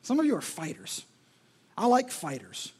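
High-voiced husky male preacher. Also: huge pitch swings, normal speed, darkish tone. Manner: emphatic, repetitive, rhetorical preaching. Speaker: pastor. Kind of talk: sermon.

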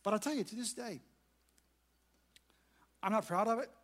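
A man's voice: sits high, normal speed, a bit bright. A man, preaching a sermon to a large room through a self-mocking personal story. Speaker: pastor.

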